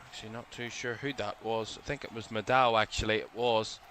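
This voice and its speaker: A man giving relaxed live play-by-play commentary on a football match for a watchalong stream, chatty and a little drowsy, yawning now and then and correcting himself as he goes. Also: on the low side, brisk, a little hiss or hum. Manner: relaxed, chatty, thinking aloud with small self-corrections.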